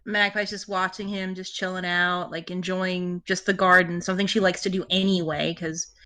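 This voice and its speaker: A woman player in a tabletop role-play, talking casually and warmly about her character. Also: on the low side, flat delivery, normal speed. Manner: casual, affectionate, in-character asides.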